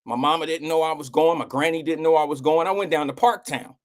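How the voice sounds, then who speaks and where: A middle-aged man hosting a live show, telling a personal story in a blunt, animated way, with casual swearing and acted-out quotes. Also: fast. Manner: animated, acts out quotes with swings in pitch. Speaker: host.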